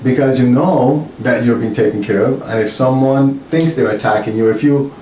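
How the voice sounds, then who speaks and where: A man's voice: mid-range voice, normal speed. Man teaching from across an echoey room. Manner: animated, acts out little scenes in voices. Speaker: spiritual teacher. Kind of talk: casual explanatory talk. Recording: roomy, distant mic, faint hiss.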